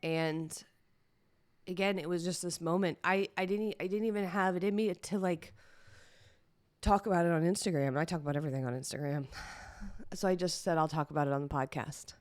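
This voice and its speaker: The host of a personal solo podcast, a woman with a fairly low, steady and slightly mellow voice, talks fairly quickly and candidly, with fillers and moments of tearfulness. The recording is dry.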